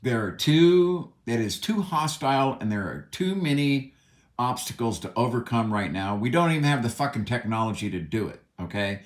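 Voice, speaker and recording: A man rants straight to the camera in an angry, profane, emphatic way, with a middle-pitched voice. His voice rings around a bare, echoey room. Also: big pitch swings, normal speed. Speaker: commentator. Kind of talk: ranting solo commentary.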